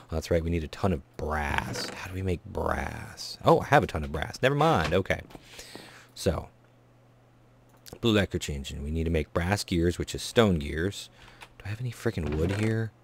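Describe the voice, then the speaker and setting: A man casually commenting on his own gameplay, often muttering to himself, counting items under his breath and breaking into excited outbursts. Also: sits low, normal speed, noisy background. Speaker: Let's Play host.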